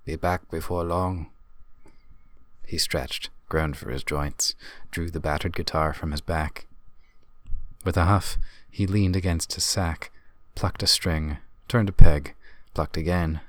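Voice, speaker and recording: Very deep-voiced male narrator. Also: steady tone, dry recording. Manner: measured and descriptive. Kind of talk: scripted fantasy audiobook narration.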